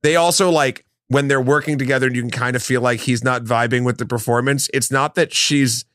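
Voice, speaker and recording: A man's voice: mid-range voice, steady tone, fairly bright tone, no echo. Laid-back man on a dry podcast mic. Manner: laid-back, halting, agreeing often. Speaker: podcast co-host. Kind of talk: casual film discussion.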